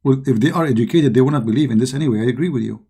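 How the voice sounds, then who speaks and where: A middle-aged man talks through a scoffing monologue, heavy with sarcasm and loose, non-native grammar. His voice sits low in brightness, mellow and a little husky. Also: rapid-fire. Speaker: online commentator. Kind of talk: mocking religious-critique monologue.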